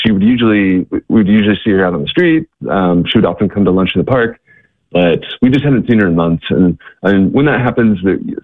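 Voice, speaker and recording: A man being interviewed about his ministry work, telling a story with halting restarts and fillers. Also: deep voice, dry recording, phone-quality sound. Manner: halting, many restarts and fillers, acts out quotes. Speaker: ministry guest.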